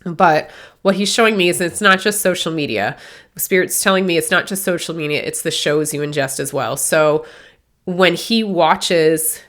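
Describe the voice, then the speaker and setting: A woman with a low, grounded voice talks through a spiritual podcast as a medium. She rambles earnestly and stops to correct herself. She sounds teary, with a sniffly nose. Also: moderate pace, a bit bright. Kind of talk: casual spiritual podcast talk.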